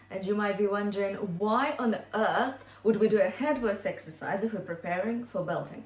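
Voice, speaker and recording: A woman singing teacher, leading a vocal warm-up, singing the exercises and giving quick encouraging cues. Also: mid-range voice, recorded from a distance. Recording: roomy sound from off the mic with piano. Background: piano accompaniment.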